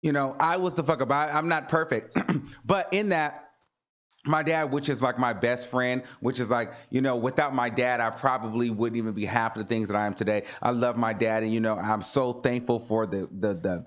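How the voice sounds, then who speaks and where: A man's voice: mid-range voice, fairly even intonation, moderate pace. Earnest preachy man, lo-fi stream audio. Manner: earnest, preachy, repeats himself for emphasis. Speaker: talk show host. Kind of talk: casual motivational livestream talk.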